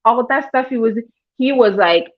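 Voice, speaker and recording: Female livestream host, casual chatty commentary, slightly high voice, dull lo-fi audio. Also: moderate pace. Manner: chatty, greets chat viewers by name mid-story.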